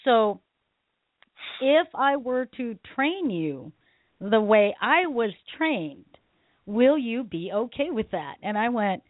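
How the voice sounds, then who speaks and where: A woman hosting a talk radio show, telling her own stories in a lively, casual way and laughing often. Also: a little high, slow pace, no room sound. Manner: animated storytelling, laughs often. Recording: tinny phone-line sound, dry.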